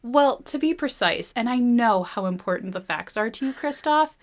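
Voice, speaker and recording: A woman's voice: on the high side, animated, normal speed, pitched above the performer's own voice. Woman reading as a sassy, pointed young woman. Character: sassy, precise young woman correcting a suitor.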